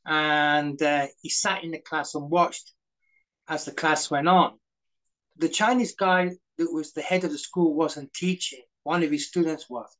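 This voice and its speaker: A man's voice: a little high, fairly bright tone, low-quality recording. A middle-aged man, a guest in a casual interview, telling anecdotes full of quoted dialogue and fillers. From Britain. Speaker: guest, former stuntman.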